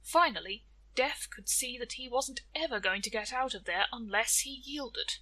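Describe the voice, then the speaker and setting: A woman narrating a folktale as a storyteller, in a gentle, deliberate way. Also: on the high side, rough recording.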